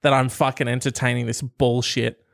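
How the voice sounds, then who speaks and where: A man's voice: medium pitch, level tone, normal speed, vocal fry, no echo. Profane teasing podcast man, dry sound. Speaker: podcast co-host. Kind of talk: casual podcast banter.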